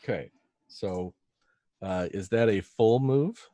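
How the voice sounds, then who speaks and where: A man narrating as game master of a tabletop game, casual and halting, with fillers and frequent pauses for dice rolls. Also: on the low side, mellow, dry recording.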